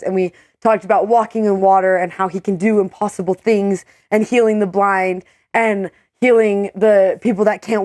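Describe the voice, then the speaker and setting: A young woman co-hosting a podcast, telling a story in a lively way, with many fillers and quoted voices. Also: dry recording, studio quality. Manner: animated storyteller, many "like"s, acts out quotes in a higher voice. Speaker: co-host. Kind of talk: casual storytelling.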